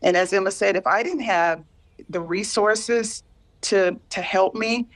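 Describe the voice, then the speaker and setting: A woman in her fifties talking candidly and earnestly about caring for a parent, halting and repeating herself as she searches for words. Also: mid-range voice. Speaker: guest sharing caregiving story. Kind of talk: candid emotional conversation.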